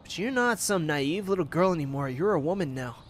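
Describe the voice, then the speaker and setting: A man's voice: fairly high pitch, expressive, a little fast, slight background noise, close to an everyday voice. A man voicing a cruel, controlling talent manager, bullying and scolding while reading game dialogue aloud. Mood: contemptuous.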